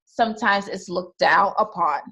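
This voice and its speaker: A woman's voice: mid-range voice, moderate pace, sharp tone, husky, low-quality recording. Young woman, Trinidadian accent, podcast co-host; candid, emphatic, conversational delivery. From Trinidad and Tobago. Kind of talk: casual chat.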